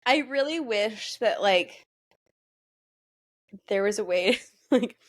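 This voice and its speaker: A woman's voice: mid-range voice, lively intonation, slow. A woman co-hosting a podcast, reacting supportively with frequent laughter in casual chat. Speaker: podcast co-host.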